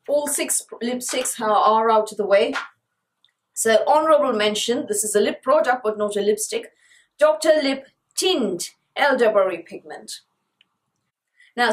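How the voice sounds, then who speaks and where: A woman's voice: medium pitch, rough recording. A woman beauty vlogger with a sore throat, talking around a lozenge in a chatty, enthusiastic product review. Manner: chatty, enthusiastic, repeats words for emphasis.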